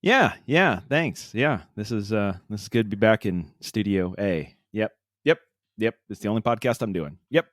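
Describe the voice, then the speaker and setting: A male podcast host who talks in a loose, rambling way and laughs partway through his own sentences. His pitch swings widely as he tells a story. The sound is dry and close, with no room around it. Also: animated, moderate pace, no room sound. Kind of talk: casual chat.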